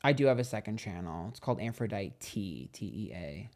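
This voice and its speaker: A man's voice: fairly low pitch, big pitch swings, fairly quick, creaky, darkish tone. Chatty young man gossiping on a livestream. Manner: chatty, gossipy, swears freely. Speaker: tarot reader and livestream host. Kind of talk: casual livestream chat.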